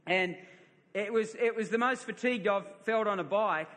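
A middle-aged man preaches in a high, bright voice, telling a personal story and often repeating his words as he builds up. His voice rings out with a long reverb, as in a large hall. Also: normal speed. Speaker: pastor. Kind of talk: sermon.

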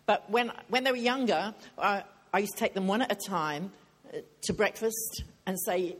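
A woman's voice: medium pitch, lively intonation, normal speed. Older female preacher, conversational and humorous, draws the audience in. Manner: chatty, joking, questions the audience. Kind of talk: sermon.

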